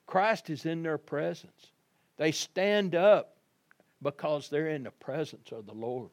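A male pastor preaching a sermon, telling the story vividly and addressing his congregation, moving between quiet passages and loud emphasis. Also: fairly high pitch, normal speed. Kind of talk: Easter sermon.

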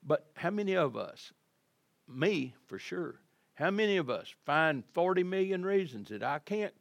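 An older man with a drawl preaches in a homespun, conversational manner, circling back and repeating himself as he goes. His voice is gravelly and sits a little high, and the sound is close and dry with no room echo. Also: big pitch swings, a little slow. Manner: folksy, conversational preaching with repetitions. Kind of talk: sermon.

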